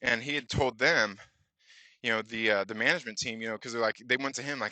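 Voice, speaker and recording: A man's voice: medium pitch, fast talker, pushed and bright, no echo. A man hosting his own channel, telling a casual story full of fillers and acting out the dialogue. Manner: rambling, many fillers, acts out dialogue. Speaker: channel host.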